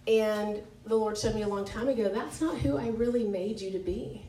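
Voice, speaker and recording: A woman's voice: medium pitch, moderate pace, warm tone. A woman leading a Bible study in a church meeting room, talking in a candid, conversational way with many fillers and self-corrections. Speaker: women's Bible study leader. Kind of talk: informal devotional teaching talk. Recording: echoey room, picked up from a distance.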